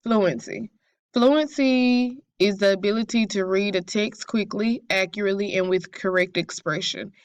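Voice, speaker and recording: A young woman reads her class presentation aloud in a careful, steady way, now and then stumbling and correcting herself. Her voice sits at an ordinary middle pitch, and the recording is close and dry, with no room sound. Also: moderate pace, no echo. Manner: careful, read-aloud delivery with occasional slips. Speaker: student presenter.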